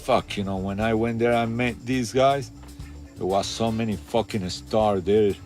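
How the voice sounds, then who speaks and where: A man recounting events in a documentary interview, swearing often and telling the story with lively animation. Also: on the low side, measured pace. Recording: faint music under voice.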